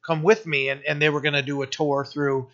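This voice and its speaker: Bright-voiced pastor telling a story. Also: male voice, a little high, level tone. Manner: halting, many fillers and restarts, grows emphatic. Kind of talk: sermon with storytelling. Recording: dull lo-fi sermon recording.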